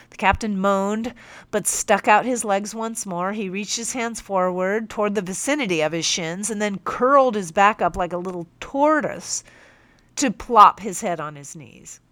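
A woman's voice: medium pitch, fairly bright tone, no echo. Young woman reading an audiobook, firm. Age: young adult. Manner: measured, firm, teacherly. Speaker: audiobook narrator. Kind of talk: first-person audiobook narration.

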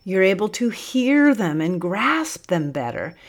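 A woman voicing an eager male army captain who talks excitedly and quickly. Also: medium pitch.

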